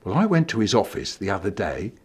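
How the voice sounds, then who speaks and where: Lively, playful male storyteller. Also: fairly low pitch, fast, breathy edge. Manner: animated, playful, bursts into loud silly shouts. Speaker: comic storyteller. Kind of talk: comic storytelling for children.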